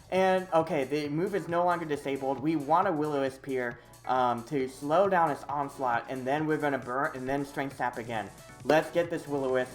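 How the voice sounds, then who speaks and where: Excitable live gameplay streamer. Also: medium pitch, fairly quick, faint music behind. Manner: excitable, swings from quiet muttering to loud whooping; hesitant, many fillers.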